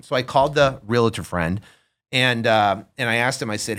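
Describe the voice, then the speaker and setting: An animated man telling a story in a casual interview, and his voice has a bright, forward ring. He keeps the tone conversational and acts out the quotes as he goes. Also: medium pitch, normal speed. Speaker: real estate investor guest.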